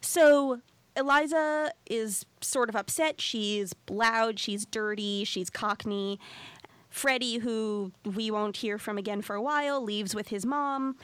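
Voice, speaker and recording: A woman co-hosting a casual podcast, chatty and animated, her voice sitting a bit high. The sound is close and very dry. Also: slow, clean tone, dry recording. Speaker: podcast co-host.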